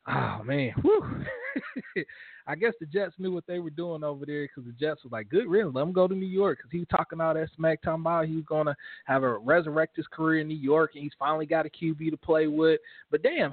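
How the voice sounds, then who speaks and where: A high-voiced man rants on a sports talk show, fired-up and blunt. The sound is thin and phone-like, and the room is dry. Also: dry recording. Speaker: co-host.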